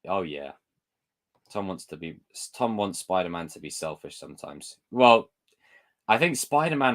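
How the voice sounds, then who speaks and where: A man's voice: medium pitch, a bit bright. A young man hosting a live stream, chatting casually about movies in a rambling way and acting out scenes in exaggerated voices.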